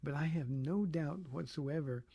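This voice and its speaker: Gravelly-voiced man pastor on call-in radio. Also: fairly high pitch, a little slow, warm tone. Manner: conversational, thoughtful, many fillers. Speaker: pastor answering callers on a radio show.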